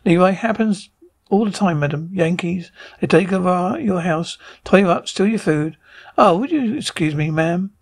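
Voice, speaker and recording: A man's voice: high voice, expressive, normal speed, no room sound, studio quality. A man voicing a polite male Confederate soldier who speaks courteously to a lady.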